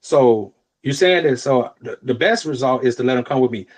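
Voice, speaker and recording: A young man from Florida telling a personal story on a podcast, animated and profane, with loud outbursts and low, muttered asides. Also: normal speed. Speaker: podcast co-host. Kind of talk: casual storytelling chat.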